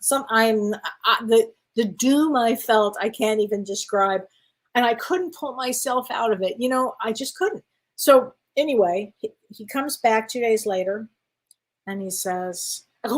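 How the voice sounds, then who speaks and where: A woman's voice: medium pitch, unhurried. A woman guest in casual chat, telling her story with lots of acted-out voices and laughter. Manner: animated storyteller, acts out voices, laughs often.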